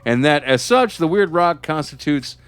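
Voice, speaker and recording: A man's voice: a little high, expressive, smooth, dry recording. Wry American man quipping on a podcast. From United States. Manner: wry, dismissive quips, halting restarts. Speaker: podcast co-host. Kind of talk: casual comedy podcast banter.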